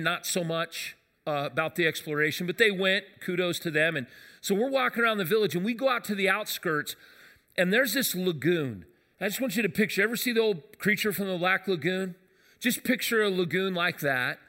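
High bright pastor telling a story. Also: male voice, normal speed. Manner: animated storyteller acting out quotes. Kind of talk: sermon with storytelling. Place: church sanctuary. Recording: long hall reverb.

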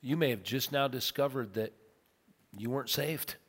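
A man's voice: medium pitch, moderate pace, husky. Preaching man in a reverberant hall. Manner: dramatic storytelling with big swings from loud to soft. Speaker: pastor. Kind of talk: sermon. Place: church sanctuary.

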